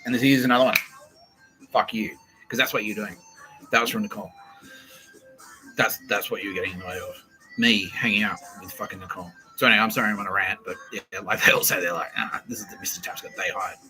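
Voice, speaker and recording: A man's voice: fairly low pitch, quick pace, pauses often, sharp tone, faint music behind, poor audio. A man hosting a podcast, talking in a profane, rambling way and often restarting his sentences. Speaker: podcast host. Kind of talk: casual rambling monologue.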